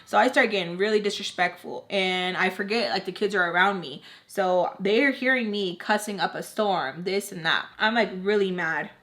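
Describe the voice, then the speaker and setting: A woman's voice: mid-range voice, normal speed, hardly any pauses. A young woman telling a personal storytime to camera in a chatty way, with lots of "like" fillers. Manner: chatty, heavy use of "like", animated retelling. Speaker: storytime vlogger. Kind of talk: casual storytime.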